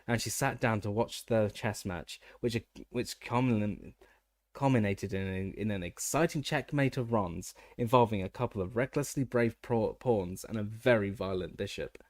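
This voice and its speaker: A man's voice: fairly low pitch, moderate pace, dry recording, studio quality. A man reading an audiobook aloud, often stumbling over words and restarting. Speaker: audiobook narrator.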